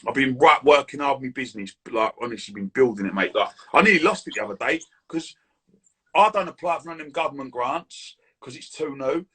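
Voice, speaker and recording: A man chatting casually as a guest, full of quick banter and a husky edge. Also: mid-range voice, a bit bright. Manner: fast, chirpy banter with lots of "mate". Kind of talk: casual chat.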